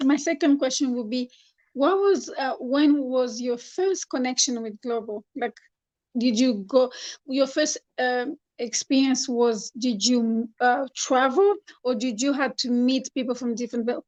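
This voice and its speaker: A woman interviewing a guest in casual conversation, asking halting questions and offering encouragement. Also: high-pitched, darkish tone, highs cut off. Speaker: interviewer, host.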